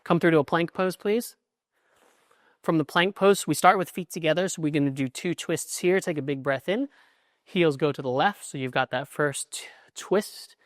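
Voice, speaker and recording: A man's voice: on the high side, normal speed, no echo, clean studio sound. A middle-aged man teaching a yoga class, cueing poses in short instructions with an encouraging, chatty manner.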